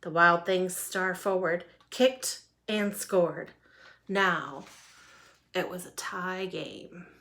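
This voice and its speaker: A woman reading a children's picture book aloud in a lively, expressive way. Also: fairly low pitch, extremely slow. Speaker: storyteller. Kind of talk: children's storybook read-aloud.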